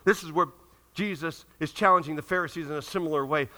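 A male pastor preaching with strong emphasis and acting out the scripture dialogue. His voice sits high for a man, with a very bright, forceful edge. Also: fast. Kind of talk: sermon.

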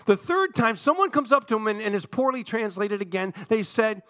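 A male pastor preaching a sermon, swinging from loud emphatic lines to low, hushed asides.

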